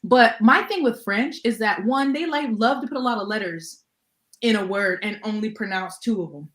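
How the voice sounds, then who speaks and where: A woman's voice: mid-range voice, normal speed, a bit bright. A woman in casual chat on a book club stream, rambling and laughing, with a lot of "like" in her speech. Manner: chatty, lots of "like" and laughter. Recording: roomy echo.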